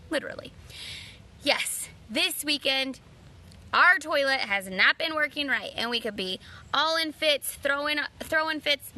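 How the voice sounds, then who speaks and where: A woman's voice: high voice, bright, forceful tone. A woman in her thirties, a mom, giving an earnest motivational talk and challenging listeners with direct questions. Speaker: mom vlogger.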